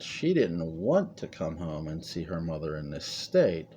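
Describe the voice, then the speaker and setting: Deep-voiced man narrating a gothic story. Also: sing-song, a little slow, hardly any pauses, warm tone, slight background noise.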